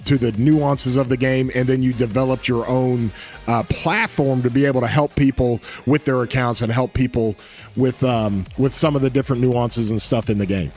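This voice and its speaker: A man's voice: medium pitch, fairly even intonation, moderate pace, a little mellow, faint music behind. A man hosting a casual gaming podcast stream, talking in an enthusiastic, rambling way with frequent restarts. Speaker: podcast host. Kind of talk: casual livestream podcast chat.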